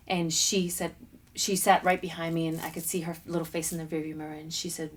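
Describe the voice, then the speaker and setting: A woman guest on a talk show, animated as she tells a personal story and acts out quotes in a studio. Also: low-pitched, brisk, a little hiss or hum. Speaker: guest speaker. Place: community TV studio.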